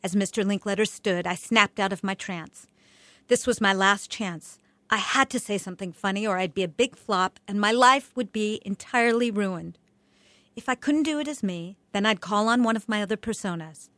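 A woman reading her childhood memoir aloud in an expressive, wry storytelling manner. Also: mid-range voice, normal speed, no room sound. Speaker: memoir narrator.

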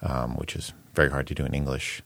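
This man has an extremely low, deep voice and speaks in a thoughtful, measured way, often pausing with an um as he explains. He is a poet and translator being interviewed. The sound is dry and close, with no room around it. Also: flat delivery, creaky, fairly bright tone, no echo. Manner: thoughtful, measured, with frequent ums. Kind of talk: interview conversation.

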